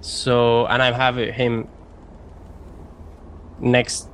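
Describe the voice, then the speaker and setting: A man's voice: medium pitch, level tone, extremely slow, a little hiss or hum. A man playing in a tabletop game, describing his moves in a hesitant way and often repeating words. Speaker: player.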